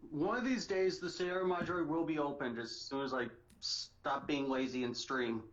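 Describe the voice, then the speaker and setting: A man's voice: a little high, moderate pace. Joking man on dull lo-fi audio. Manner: crude, joking banter. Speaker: podcast guest. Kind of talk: casual podcast chat.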